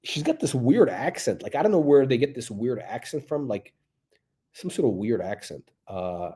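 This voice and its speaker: A man's voice: mid-range voice, very animated, moderate pace, mellow. A male watch channel host giving blunt, crude, rambling off-the-cuff commentary.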